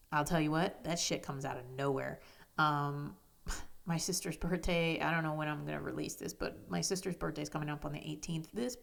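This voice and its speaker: A woman hosting a personal podcast, talking candidly with frank, self-deprecating humor, casual swearing and soft asides. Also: sits low, gravelly. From United States. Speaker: podcast host.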